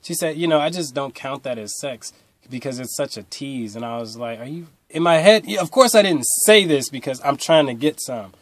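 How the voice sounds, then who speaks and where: A young man telling rambling stories to camera in a blunt, casual way, swinging from mutters to loud outbursts. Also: mid-range voice, animated, a little fast, no room sound. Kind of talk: casual storytelling monologue.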